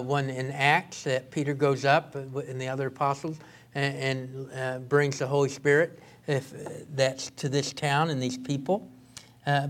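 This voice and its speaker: A male pastor preaching a sermon in an earnest way, often halting and restarting his sentences. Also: on the high side.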